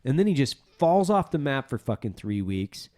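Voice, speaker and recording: A man's voice: mid-range voice, moderate pace. A man co-hosting a casual podcast chat, swearing freely and acting out past phone calls as he tells stories. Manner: profane, animated storyteller acting out phone calls. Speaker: podcast co-host.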